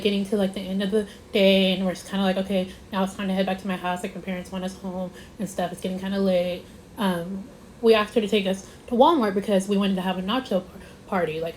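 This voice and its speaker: On a rough recording with a bit of hiss or hum, a young vlogger tells a casual storytime in a mid-range, slightly mellow voice. She rambles and repeats herself, leaning on "like" a lot while emphasizing her points.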